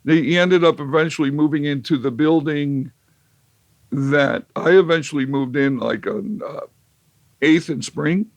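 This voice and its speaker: Slow rambling guy, kinda high voice, dry sound, lots of um and like. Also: vocal fry, no room sound. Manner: rambling, wry, many fillers and restarts. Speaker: interview guest, musician. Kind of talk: casual storytelling.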